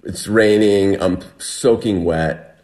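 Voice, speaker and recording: A man's voice: sits low, slow pace, darkish tone. A man in an interview, earnestly recounting a frightening personal ordeal in vivid detail. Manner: earnest, vivid storytelling with restarts. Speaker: interview guest.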